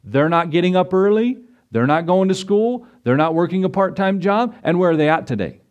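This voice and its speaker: A man preaching a sermon to his congregation, emphatic and repetitive, swinging between loud declarations and quiet asides. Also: high voice, animated, brisk, dull audio. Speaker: pastor.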